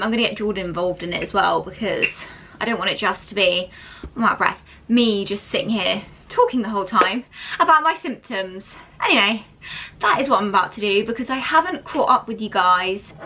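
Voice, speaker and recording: A woman's voice: mid-range voice, sharp tone, slight background noise, rough recording. A young woman talking casually to the camera at home in a chatty, rambling vlog. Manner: chatty and rambling, with many fillers. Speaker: vlogger.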